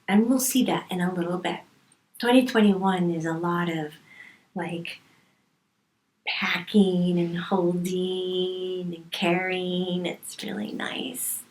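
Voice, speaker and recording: A woman speaking as a medium in a channeled spiritual talk, stressing points by repeating words. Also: lowish voice. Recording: roomy echo.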